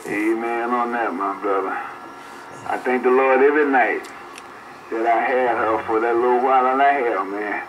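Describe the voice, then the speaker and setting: A man's voice: medium pitch, moderate pace, fairly bright tone. An older man on a CB radio, chatting casually and reminiscing in a folksy way, laughing often. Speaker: CB radio operator. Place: on the air by CB radio. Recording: dull CB radio audio with faint hiss.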